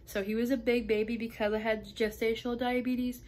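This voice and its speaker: A woman's voice: on the high side, little pitch movement, fairly quick, a little mellow. Woman in her twenties, casual vlogger, rambly storytelling with laughing asides. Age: 20s. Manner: chatty, many fillers and laughing asides.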